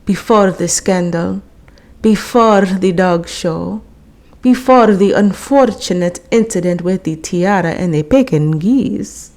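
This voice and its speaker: A woman's voice: medium pitch, slow pace, darkish tone. A woman doing a haughty disgraced show poodle. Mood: bitter. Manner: haughty, world-weary. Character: snooty disgraced female show poodle, faint French lilt.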